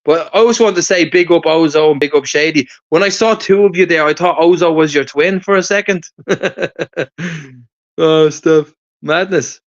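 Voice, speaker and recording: A man's voice: a little high, moderate pace. A man calling into a livestream, rowdy and laughing, swearing freely. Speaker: caller dropping into a livestream. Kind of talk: casual livestream chat. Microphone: internet call. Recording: muffled lo-fi call audio.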